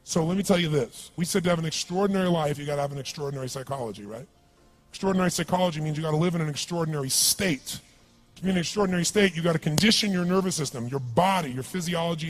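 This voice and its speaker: Over soft background music, a man with a slightly high voice races through a motivational seminar talk. He tells a story energetically and puts questions to the crowd.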